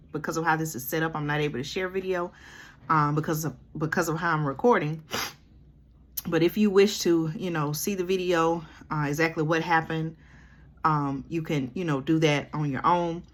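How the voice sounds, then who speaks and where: Speaking at normal speed in a low, steady voice, this Georgia woman is a commentary vlogger reading a news article aloud. She interrupts herself frequently with "okay?" and "y'all" as she comments.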